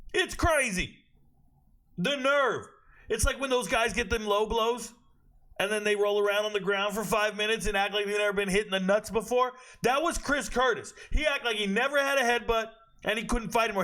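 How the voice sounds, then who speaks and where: A brash young man breaks down an upcoming fight in loose, profane slang. His voice sits high and comes out bright and forceful. He talks straight to his viewers. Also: moderate pace. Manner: brash, animated, trash-talking with slang and profanity. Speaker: fight prediction host. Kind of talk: casual sports commentary.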